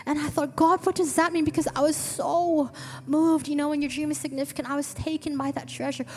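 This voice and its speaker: A woman's voice: sits high, fairly even intonation, fairly quick, a little mellow. A woman preaching a sermon to her church, telling an earnest story with eager restarts. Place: church hall. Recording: long reverb with faint music.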